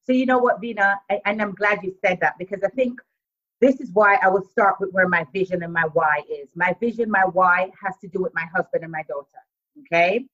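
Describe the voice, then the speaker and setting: A woman's voice: mid-range voice, fairly quick, a bit bright. A woman from Jamaica with a mixed Jamaican and American accent, a podcast guest speaking emphatically and repeating her key phrases. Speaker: interview guest, entrepreneur. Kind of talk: motivational interview talk. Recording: dull lo-fi audio.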